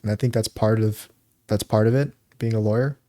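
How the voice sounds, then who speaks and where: This podcast co-host has a fairly low, dark voice and talks fairly quickly with fairly even intonation. He rambles through a story in casual chat, laughing often and frequently pausing to act out what people said.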